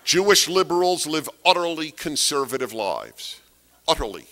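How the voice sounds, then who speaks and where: A man's voice: a little high, big pitch swings, moderate pace, bright, forceful tone. A man giving a political lecture to an audience, emphatic, repeating key phrases and asking rhetorical questions. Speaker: speaker giving a talk.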